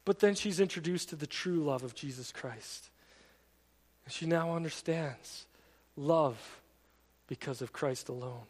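A man with a high voice delivers a sermon as a pastor, telling stories in an earnest, conversational way. He speaks inside a church sanctuary. His voice trails off into the long reverb of a big hall. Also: measured pace, pauses often, darkish tone. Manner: conversational, earnest storytelling preacher.

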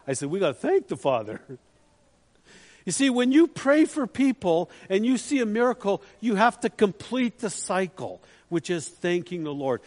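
A man preaching a storytelling sermon in a chatty way, putting questions to the listeners. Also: high voice. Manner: chatty, asks the audience questions. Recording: long hall reverb.

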